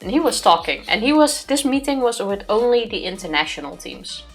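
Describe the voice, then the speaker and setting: A woman's voice: a little high, very animated, brisk, soft background music. A woman co-hosting a let's play stream, chatting casually and laughing easily as she tells a story about work. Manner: chatty, laughs easily while telling stories.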